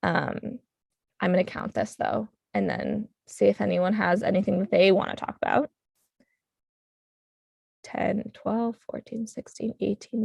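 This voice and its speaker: A woman's voice: lowish voice, gravelly, dry recording, studio quality. A young woman with a New England accent, hosting a casual livestream and chatting while she knits, rambling along with frequent ums. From United States. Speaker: livestream host. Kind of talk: casual chat while knitting.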